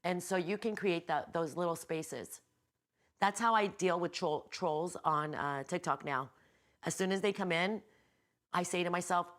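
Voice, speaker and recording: A little slow and on the low side, this woman's voice leads a casual meditation class from a hotel room. A healer and yoga teacher, she chats in a loose, rambling, honest style with a swear word here and there.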